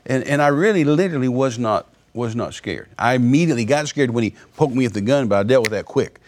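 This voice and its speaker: A man telling a personal testimony in conversation, animated, with frequent repeated words. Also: medium pitch, quick pace.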